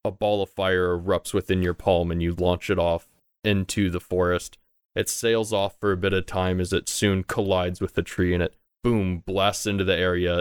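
A man's voice: low voice, smooth, no room sound, studio quality. A man narrating a tabletop game as game master, in a loose, conversational way and casually swearing.

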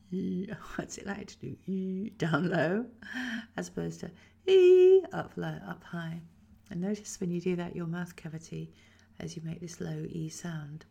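An English woman guiding a Feldenkrais lesson, speaking slowly and softly with many whispered phrases, her voice tired after a weekend of talking. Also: lowish voice, creaky, husky. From England. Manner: slow, soft-spoken guiding with frequent whispered phrases. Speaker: Feldenkrais teacher. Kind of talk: guided movement lesson.

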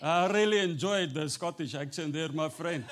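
A man with an Afrikaans accent delivers a sermon, his voice sitting a little higher than most men's. He jokes easily, slips between English and Afrikaans, and pushes into loud, emphatic preaching. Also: normal speed. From South Africa. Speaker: pastor. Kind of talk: humorous sermon.

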